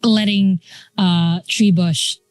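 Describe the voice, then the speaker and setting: Slow, hesitant woman player. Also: medium pitch, fairly even intonation, no room sound, soft background music. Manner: hesitant, lots of fillers. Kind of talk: describing her character's actions.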